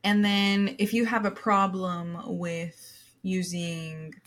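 A woman's voice: lowish voice, level tone, slow pace. A young woman co-hosting a podcast, telling stories in casual chat with lots of fillers and frequent laughter. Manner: chatty storyteller, laughs often, many fillers. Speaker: podcast co-host.

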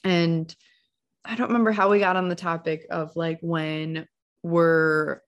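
A woman's voice: fairly low pitch, level tone, unhurried, highs cut off. A woman and mother chatting casually, recounting everyday anecdotes. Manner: anecdotal storyteller. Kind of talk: casual chat.

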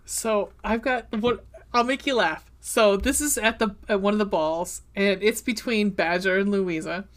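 A woman's voice: mid-range voice, normal speed. A woman chatting casually about a novel with a friend, gushing and laughing as she reads favorite passages aloud. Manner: gushing, excitable, laughs often. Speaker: book discussion co-host. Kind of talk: casual chat and reading aloud.

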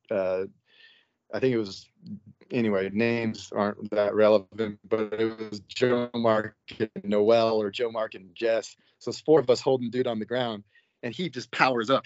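A man's voice: on the low side, dry recording. A man, a psychiatric nurse being interviewed, telling a story in a loose, casual way, filling his talk with "like" and "you know". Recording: dull, dry, lo-fi sound.

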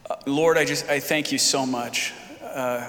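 Pastor praying in a reverberant church. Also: male voice, mid-range voice, fairly even intonation, unhurried, fairly bright tone. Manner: earnest, repetitive prayer phrasing with frequent fillers. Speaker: pastor and interpreter. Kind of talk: congregational prayer and live interpreting. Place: church sanctuary.

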